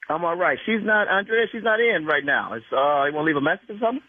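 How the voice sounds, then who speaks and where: A man's voice: high voice, lively intonation, fast, no echo. A man on the phone, indignant and repeating himself, getting angrier as he argues. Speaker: prank call target. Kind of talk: heated phone argument. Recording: tinny phone line.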